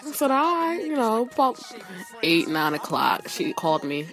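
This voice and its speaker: A woman telling a story in a casual, profane, animated rant, with sassy asides. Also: fairly high pitch, normal speed, faint music behind.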